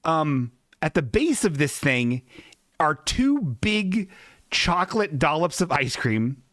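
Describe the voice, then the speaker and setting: A man's voice: fairly high pitch, takes it slowly, no echo, studio quality. A man hosting a comedy show, riffing on pictures with lots of giggling asides. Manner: animated, giggly, riffing on images. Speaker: podcast host. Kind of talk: casual comedic commentary.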